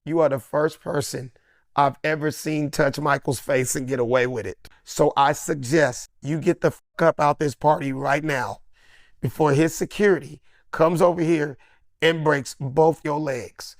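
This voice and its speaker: A man's voice: fairly high pitch, fairly even intonation, measured pace, no echo, clean studio sound. A man impersonating a laid-back male talk host who warns a friend to leave a party. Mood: urgent.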